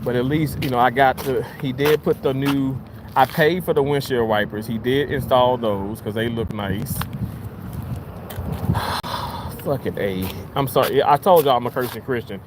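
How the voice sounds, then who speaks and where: A man's voice: mid-range voice, normal speed, background noise. A man ranting in a casual vlog from his car, frustrated and swearing as he rambles. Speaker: vlogger.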